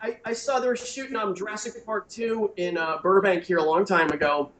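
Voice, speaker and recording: Animated man, high voice, roomy echo. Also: a little fast. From New Jersey. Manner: animated storyteller who acts out quotes. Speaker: guest, creature effects studio owner. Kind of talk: casual podcast chat.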